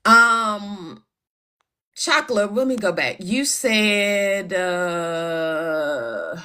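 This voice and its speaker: A woman's voice: medium pitch, animated, extremely slow, bright, forceful tone, clean tone. Chatty woman hosting a livestream. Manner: chatty, laughing often, reading comments aloud. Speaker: livestream host. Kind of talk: casual livestream chat.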